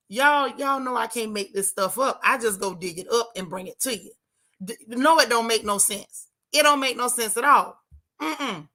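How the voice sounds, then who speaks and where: A woman hosting a livestream from her car, giving sassy, animated commentary and reading viewer chat aloud. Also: on the high side, moderate pace. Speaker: livestream host. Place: in a car while driving.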